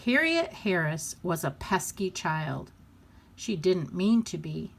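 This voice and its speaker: A woman reads a children's picture book aloud at a very slow, deliberate pace. Her voice sits fairly low, and she lets expressive pauses land between the phrases. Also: vocal fry. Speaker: storybook reader.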